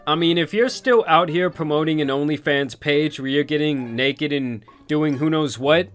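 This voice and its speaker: A man's voice: a little high, moderate pace, hardly any pauses, a bit bright, soft background music. A young man hosting a casual commentary video, talking in a mocking, gossipy way. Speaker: commentary YouTuber.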